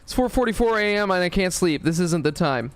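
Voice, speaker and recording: A man's voice: high voice, animated, a little fast, clean tone, no echo, soft background music. A man streaming a game, talking casually in a rambling, profane way. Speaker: gaming streamer.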